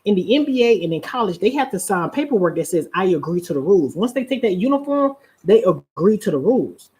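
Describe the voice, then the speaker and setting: A woman of medium pitch lectures her audience about relationships on a live stream. She drawls her key phrases slowly. She keeps checking in with her listeners through rhetorical questions, and her delivery is preachy. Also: very animated, mellow. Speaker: relationship advice speaker.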